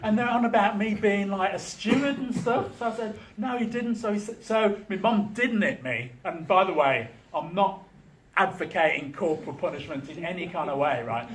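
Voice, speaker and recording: A man gives a speech at a meeting as a union official, telling stories with dry humour in a relaxed, conversational way. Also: sits high, normal speed, a little hiss or hum. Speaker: union official, guest speaker. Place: meeting room. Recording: echoey meeting room.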